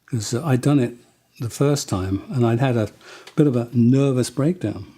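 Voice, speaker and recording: A man being interviewed, telling rambling anecdotes with many restarts and quick acted-out quotes of other people. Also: medium pitch, warm tone, slight background noise. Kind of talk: casual anecdotal storytelling.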